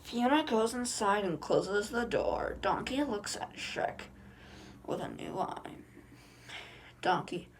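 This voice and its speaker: A woman reads a film script aloud in a flat, matter-of-fact way, tripping and restarting now and then. Her voice sits at a middling pitch, with a faint steady hiss behind it. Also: takes it slowly. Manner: flat read-aloud delivery with slips. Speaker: reader.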